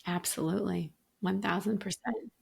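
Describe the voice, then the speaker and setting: A woman's voice: mid-range voice, steady tone, normal speed, vocal fry, slightly rough. A middle-aged woman guest talking earnestly in a reflective podcast conversation, thinking aloud with many fillers. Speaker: guest coach.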